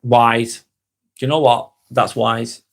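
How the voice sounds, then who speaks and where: A man's voice: medium pitch, level tone, takes it slowly, fairly bright tone. Friendly Lancashire man in his forties. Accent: Lancashire, near Manchester. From Northwest England. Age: 40s. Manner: reads viewer comments aloud and answers each by name, friendly and reflective. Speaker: live vlog host. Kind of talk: casual live-stream chat.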